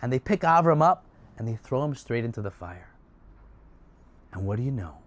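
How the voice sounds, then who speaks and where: A man telling a story in a lively, animated way, with quick restarts. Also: medium pitch. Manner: lively, with restarts and many voices.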